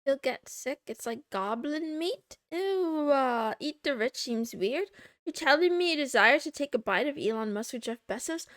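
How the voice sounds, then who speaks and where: A woman's voice: high-pitched, animated, normal speed, fairly bright tone, dry recording, studio quality. A woman VTuber chatting casually on a live stream, giggling, teasing herself and reading viewer messages aloud. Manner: giggly, self-mocking, reads chat aloud.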